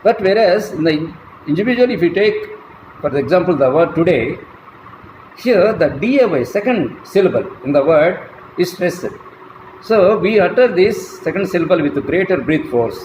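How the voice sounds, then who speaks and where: A man giving a slow, deliberate classroom lecture as a college lecturer, spelling words out letter by letter. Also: high voice, animated, darkish tone. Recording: echoey room, faint traffic noise.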